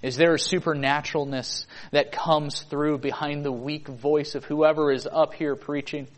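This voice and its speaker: A man's voice: a little high, flat delivery, normal speed. Earnest male preacher. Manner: earnest, rhetorical questions, rising to emphatic peaks. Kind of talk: sermon.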